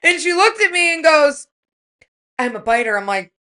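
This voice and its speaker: A woman's voice: sits high, very animated, moderate pace, sharp tone. A middle-aged woman telling frank, profane stories on a podcast, blunt and often laughing as she talks. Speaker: podcast guest. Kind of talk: casual chat.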